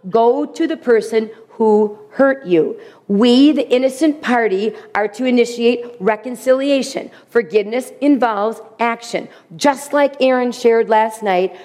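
A woman's voice: on the high side, a little slow, darkish tone. A middle-aged woman giving an earnest faith teaching to a group, acting out quoted speech in changing voices. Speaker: Bible teacher.

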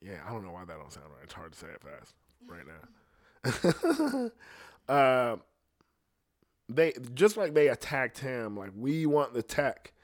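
There are big swings in pitch from this podcast guest, a singer whose medium voice moves a little slowly and stops often. He tells stories in an easygoing, profane, roundabout monologue full of digressions.

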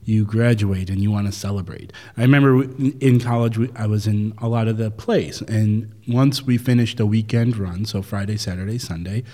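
Lowish mellow guy, wry jokey chat, echoey hall sound. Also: steady tone, normal speed, hardly any pauses. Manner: wry, joking asides. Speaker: podcast co-host. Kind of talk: casual conversational chat. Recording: long hall reverb.

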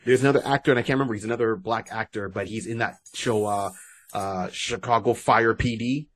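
A male podcast co-host chats casually, rambling with restarts and asides. He speaks a little fast in a lowish voice.

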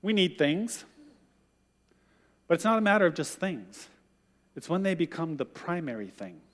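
High-voiced male pastor in a reverberant hall. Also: moderate pace. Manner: animated storyteller who acts out quoted voices. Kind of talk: sermon.

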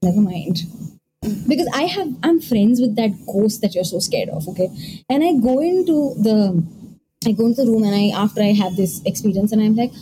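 A woman from India chatting casually, telling a personal ghost story with quick asides and acted-out quotes. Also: medium pitch. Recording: steady background noise.

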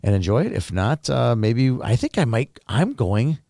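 A man's voice: mid-range voice, sing-song, moderate pace, gravelly, warm tone, dry recording, clean studio sound. A man hosting a podcast in casual chat, teasing his co-host and working in sponsor plugs conversationally.

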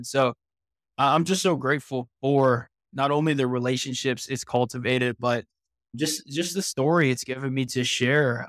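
Young man telling his story, smooth voice. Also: medium pitch, fairly bright tone, no room sound, studio quality. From Indiana. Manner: earnest, reflective, frequent "like" and restarts. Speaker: podcast guest. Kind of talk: personal storytelling in a podcast interview.

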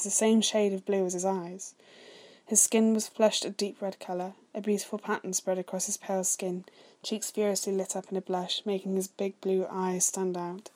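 A woman reading fan fiction aloud in a soft, hushed voice that sometimes drops to a whisper. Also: mid-range voice. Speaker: story reader.

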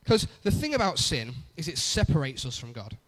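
A man's voice: fairly high pitch, big pitch swings, a little fast, fairly bright tone. A young adult man preaching a conversational sermon, often repeating phrases for emphasis. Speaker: pastor.

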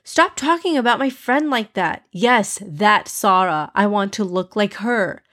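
A woman's voice: mid-range voice, expressive, a little slow, fairly bright tone. A woman voicing a sensitive, easily upset young girl in a storybook reading, with a whiny, pleading manner.

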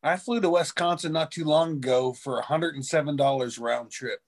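A man with a slightly higher voice who jokes and teases his co-hosts. He speaks in a loose, casual chat manner. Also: brisk. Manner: joking, teasing. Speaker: co-host.

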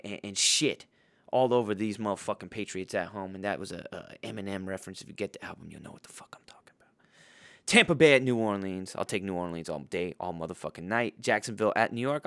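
A man's voice: fairly low pitch, a bit bright, dry recording, studio quality. A man giving football picks in a profane, rambling casual rant, full of fillers and restarts. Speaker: host making football picks.

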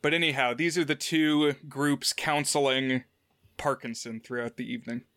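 Bright, crisp-voiced man explaining details. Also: medium pitch, no echo, clean studio sound. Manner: explanatory, walks through details methodically. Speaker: podcast co-host. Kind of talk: casual review chat.

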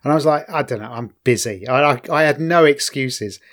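A man's voice: mid-range voice, brisk, fairly bright tone. A man co-hosting a podcast in casual chat, chatty and stumbling over words, laughing often. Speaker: podcast co-host.

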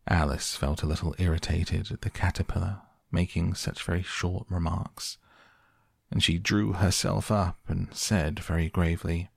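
A man reads a storybook aloud, slow and measured, with a very low voice. His tone is gravelly and husky. The sound is close and dry, with no room around it. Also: flat delivery, no echo. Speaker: narrator. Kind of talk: audiobook narration.

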